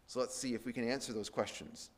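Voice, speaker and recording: A man teaching a Bible sermon, slowing and raising his voice when he reads scripture aloud. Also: mid-range voice, fairly even intonation. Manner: slows and lifts his voice to read scripture aloud. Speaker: preacher. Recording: long hall reverb.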